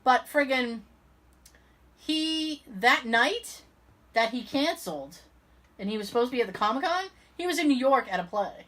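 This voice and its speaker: A woman co-hosting a podcast in casual chat, telling stories in an animated way and swearing freely. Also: high-pitched, normal speed. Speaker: podcast co-host.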